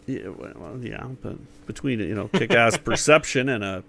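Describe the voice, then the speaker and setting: A man playing in a tabletop game, talking casually in a hesitant, halting way. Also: on the low side, creaky, pushed and bright, a little hiss or hum. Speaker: player.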